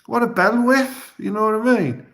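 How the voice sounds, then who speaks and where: A man's voice: sits high, moderate pace, a bit bright. A man with a Teesside accent hosting a live online comedy show, rambling in crude, casual chat and leaning on "you know what I mean".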